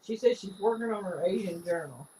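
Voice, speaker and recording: A woman's voice: mid-range voice, lively intonation, brisk, background noise. A woman chatting casually with friends, telling teasing stories and laughing often. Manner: giggly, teasing storyteller. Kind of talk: casual chat among friends.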